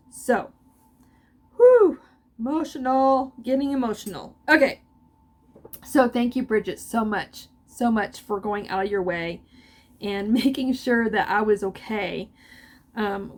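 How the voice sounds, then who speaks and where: An older woman with grandchildren, chatting casually and warmly emotional as a crochet vlogger, with laughs and restarts. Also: mid-range voice. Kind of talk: casual chat.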